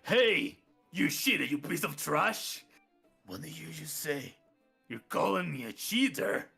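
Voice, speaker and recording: A man voicing a hot-tempered male dice player in a tavern, shouting and picking a fight in a tabletop game. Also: a little high, animated, normal speed, gravelly, breathy edge, faint music behind, voice pushed up, exaggerated voice. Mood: accusing.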